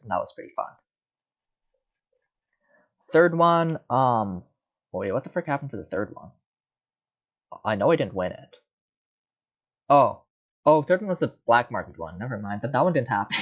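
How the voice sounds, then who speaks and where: A man's voice: mid-range voice, highs cut off. A man giving casual, rambling commentary while playing a card game, muttering and mocking himself.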